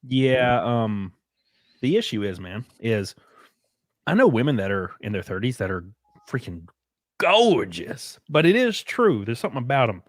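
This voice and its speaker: A man's voice: medium pitch, very animated, a little slow, dry recording. A man hosting a stream, chatting crudely and brashly with a joking, laughing manner on a close microphone. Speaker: podcast host. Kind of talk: crude casual chat.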